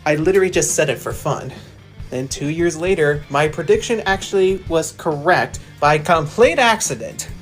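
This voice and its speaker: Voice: mid-range voice, normal speed, faint music behind. A fan commentator chatting casually and amused about a cartoon.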